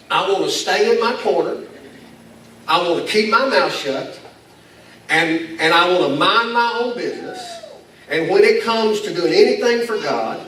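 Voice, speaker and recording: A male pastor with a high, pushed, bright voice delivers a folksy, conversational sermon, poking fun at himself and chuckling now and then. The church meets in a school building, and the recording has an echoey hall sound, a distant mic and faint noise.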